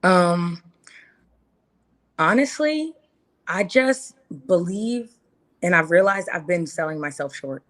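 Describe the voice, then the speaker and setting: Woman, interview guest, lowish voice, heartfelt, repeats herself for emphasis. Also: lively intonation, slow pace, pauses often, fairly bright tone. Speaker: podcast guest. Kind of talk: candid interview chat.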